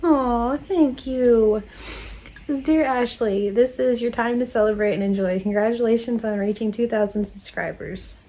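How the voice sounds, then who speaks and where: A woman's voice: fairly high pitch, normal speed, dark tone. A woman hosting a crafting channel, chatting casually and emotionally as she opens her mail, laughing often and gushing her thanks. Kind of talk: casual chat while opening mail.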